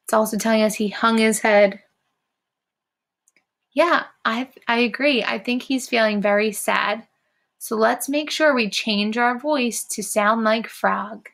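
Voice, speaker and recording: Encouraging woman teacher reading aloud, gravelly. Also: a little high, measured pace. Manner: encouraging, warm praise to young listeners. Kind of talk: reading a storybook aloud to children.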